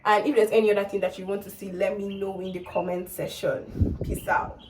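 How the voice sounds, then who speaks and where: A young woman with a Nigerian accent, a vlogger telling her story to camera fast and excitably. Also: medium pitch, far from the mic, a little hiss or hum. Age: young adult.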